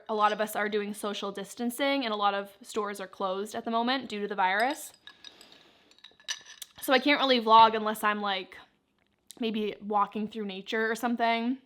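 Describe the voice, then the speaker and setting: A woman's voice: medium pitch, bright, forceful tone. A young woman vlogger chatting casually, answering viewer questions while she eats. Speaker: plant vlogger.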